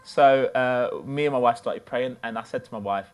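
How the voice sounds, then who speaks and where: A man delivers a sermon as a relaxed storyteller, chatting his way through an everyday tale. He talks at a middle pitch, neither deep nor high. His delivery is loose and conversational rather than formal. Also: moderate pace. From United Kingdom. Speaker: preacher.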